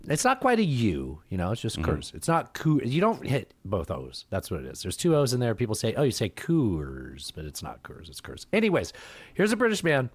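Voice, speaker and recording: A man co-hosting a podcast, rambling between jokes and laughing often. His pitch swings widely as he talks. He sits on a dry, close studio mic. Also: huge pitch swings, a little fast, slightly rough, no room sound. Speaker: podcast co-host. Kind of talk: casual chat.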